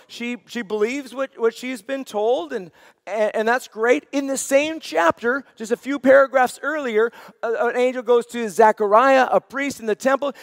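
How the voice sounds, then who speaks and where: A man's voice: extremely high pitch, dry recording, studio quality, long reverb tail. A man preaching a sermon as senior pastor, earnest and repeating phrases for emphasis.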